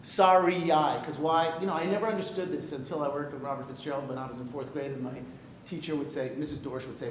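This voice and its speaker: Guy teaching poetry to a class, kinda high voice, quizzes the room, bit of echo and low hum. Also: fast. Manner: lively, jokey, asks the class questions. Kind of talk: classroom lecture on verse. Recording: echoey room with light rumble.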